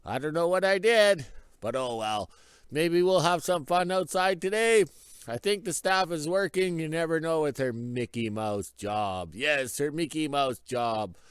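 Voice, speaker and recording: Hoarse man, lost his voice. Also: a little high, expressive, measured pace, no room sound, studio quality. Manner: rambling, jokey, self-deprecating. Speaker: vlogger. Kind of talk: casual vlog narration. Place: outdoors in winter on a rural yard.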